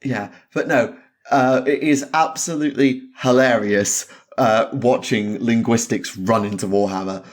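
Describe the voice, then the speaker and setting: A man's voice: mid-range voice, unhurried. A man hosting a podcast, ranting emphatically and swearing, often breaking into laughter. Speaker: podcast host. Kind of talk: casual podcast chat.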